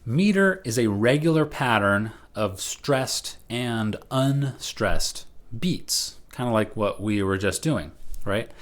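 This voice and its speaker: Slow-talking male music teacher. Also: mid-range voice. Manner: casual, patient, with frequent "right?" checks. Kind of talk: recorded slide lecture.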